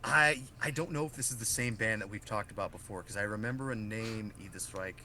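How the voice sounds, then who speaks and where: A man's voice: fairly low pitch, fairly quick, sharp tone, slight background noise. A young man co-hosting a podcast in casual chat, rambling and hedging with many restarts. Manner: rambling, hedging, self-interrupting. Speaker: podcast co-host.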